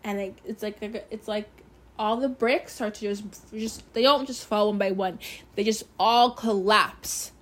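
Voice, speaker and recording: Hosting her own podcast, a young woman talks candidly and emphatically about self-love, swearing freely in casual solo chat. Her medium-pitched voice is steady, unhurried and slightly bright.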